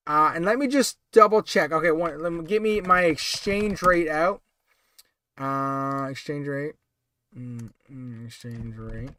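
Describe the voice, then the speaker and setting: A man with a high, bright voice chats loosely on a live stream. He reads out viewer comments and mulls things over aloud, full of ums and uhs. His tone is smooth and clear, in a dry, close sound. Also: no room sound. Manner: thinks aloud, reads chat comments, many fillers. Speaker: livestream host. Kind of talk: casual live-stream chat.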